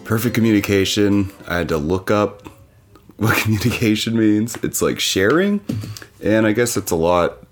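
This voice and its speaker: A man's voice: on the low side, expressive, normal speed, soft background music. A man, a podcast guest, musing casually in a rambling way with lots of "like" fillers.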